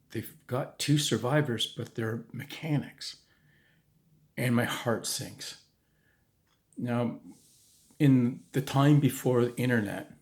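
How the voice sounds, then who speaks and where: A man's voice: mid-range voice, vocal fry, a little mellow. A man telling a true story in a casual, conversational way, with restarts and asides.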